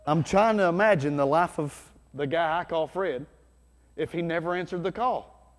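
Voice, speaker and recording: A man preaching a sermon as pastor, conversational and energetic, with sudden loud bursts. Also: a little high, normal speed. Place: church hall. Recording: long hall reverb.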